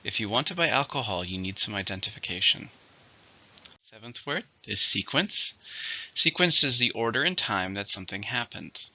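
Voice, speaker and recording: A man with a rather low voice and a very bright, sharp tone teaches English vocabulary. He counts syllables, marks the stress and says each word with care. The recording sounds slightly dull and lo-fi. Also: animated. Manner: slow, deliberate word drills with example sentences. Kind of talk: vocabulary lesson.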